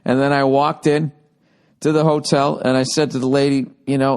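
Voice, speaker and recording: A man's voice: medium pitch, flat delivery, moderate pace, darkish tone, clear, resonant tone. A man hosting a podcast, telling a comedic story with heavy swearing. His talk is loose and ranting, with a mid-range voice. It moves between fired-up complaints and offhand asides. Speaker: podcast host.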